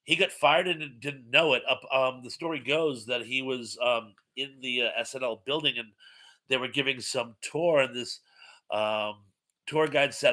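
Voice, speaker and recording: Very bright-voiced chatty stream host. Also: male voice, medium pitch, moderate pace. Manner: chatty and rambling, many ums. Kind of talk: casual live chat, reading viewer comments.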